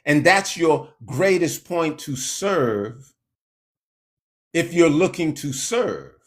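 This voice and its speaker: A man preaching a sermon in a slow, emphatic way, lifting his voice when he quotes scripture. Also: a little high, lively intonation.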